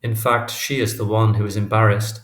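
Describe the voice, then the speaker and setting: A man reads a literary novel aloud in a steady, measured way. His voice is fairly low. The recording has a roomy echo around it. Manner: measured, even reading. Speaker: audiobook narrator. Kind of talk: scripted narration.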